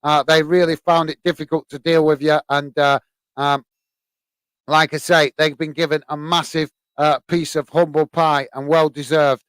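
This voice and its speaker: English bloke hosting a football stream, higher voice, smooth, says uh a lot. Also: male voice, level tone, moderate pace, fairly bright tone, dry recording. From England. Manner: lots of "uh" fillers, repeats "mate" and thanks. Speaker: host reading live chat. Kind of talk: live stream chat reading.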